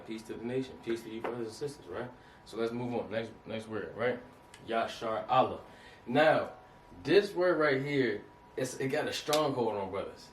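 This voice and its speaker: A man explaining a lesson in a casual way, stopping often to ask whether his listeners follow. His voice sits at an ordinary pitch and sounds a bit away from the mic. The room is echoey, with a faint hiss of noise behind him. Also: far from the mic. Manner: repeats points, checks in with "okay?" and "you understand that?". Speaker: teacher. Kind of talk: casual instructional talk.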